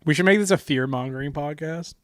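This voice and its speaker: A man's voice: fairly high pitch, quick pace, dry recording, studio quality. A man co-hosting a casual comedy podcast, riffing crudely with lots of profanity and voiced impressions. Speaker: podcast co-host.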